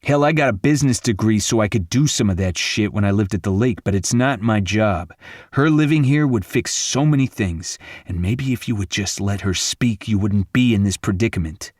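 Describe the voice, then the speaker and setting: A man's voice: fairly low pitch, normal speed, a little mellow, no room sound, studio quality, lightly acted. A man doing a blunt, scolding best friend. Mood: gruff.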